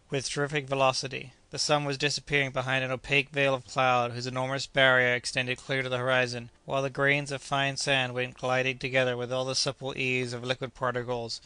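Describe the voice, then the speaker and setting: A man narrating an adventure audiobook in a measured, steady reading. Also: mid-range voice, smooth, no room sound.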